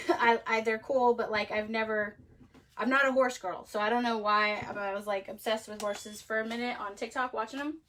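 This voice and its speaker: A woman's voice: fairly high pitch, fairly even intonation, normal speed, a bit bright, a little hiss or hum. Chatty, rambling woman host. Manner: chatty and rambling, heavy use of "like"; laughs easily and often. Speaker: host of a handmade cosmetics show. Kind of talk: casual livestream demonstration.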